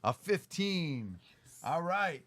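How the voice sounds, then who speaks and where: Dad as dungeon master, animated and playful, dramatic storyteller. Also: male voice, a little high, slow pace. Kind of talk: narrating a tabletop game for his child.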